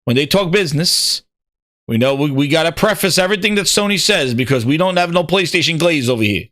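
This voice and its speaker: A man hosting a gaming show, ranting with constant swearing and excited repetition. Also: fairly high pitch, fairly quick, no room sound, clean studio sound. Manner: excitable, swears heavily, repeats himself. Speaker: podcast host. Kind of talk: profane ranting gaming commentary.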